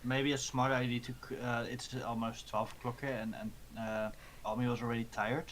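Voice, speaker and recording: A man playing a tabletop game, speaking haltingly and restarting words often. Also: mid-range voice, little pitch movement, a bit bright, a little hiss or hum. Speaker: player. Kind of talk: casual chat during a tabletop game.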